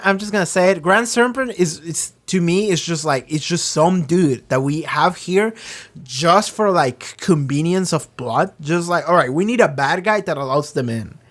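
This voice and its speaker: Excitable, foul-mouthed TV show reviewer. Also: medium pitch. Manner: excitable and rambling, swears freely; acts out characters in quick voices. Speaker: reaction channel host. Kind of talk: casual review chat.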